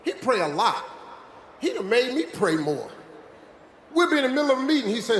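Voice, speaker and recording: An older American man giving a live motivational speech in a large dome, animated, preachy and joking with the audience. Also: extremely high pitch, fairly quick. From West Virginia, USA. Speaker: motivational speaker. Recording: echoey dome, faint crowd noise.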